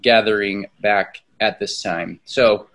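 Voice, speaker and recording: A man speaking as a church leader in a casual discussion, plain and explanatory, often clearing his throat. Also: on the low side, steady tone, takes it slowly, a bit bright.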